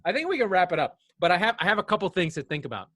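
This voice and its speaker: A man from France co-hosting a podcast, his somewhat high voice swinging through a wide, lively range. He talks casually, teasing and sarcastic, always setting up the next joke. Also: racing. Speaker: podcast co-host. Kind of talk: casual chat.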